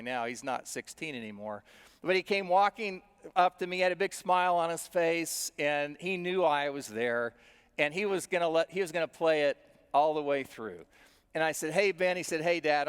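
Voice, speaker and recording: A man's voice: a little high, moderate pace, clear, resonant tone. Man preaching in a reverberant hall. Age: middle-aged. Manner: conversational storytelling, self-deprecating. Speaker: pastor. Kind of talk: sermon with personal stories.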